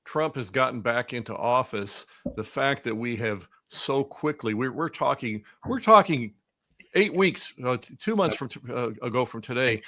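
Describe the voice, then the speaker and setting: Emphatic man with a bright voice. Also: mid-range voice, normal speed, hardly any pauses, no echo. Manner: emphatic, repeats words as he builds a point. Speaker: guest commentator. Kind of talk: political commentary.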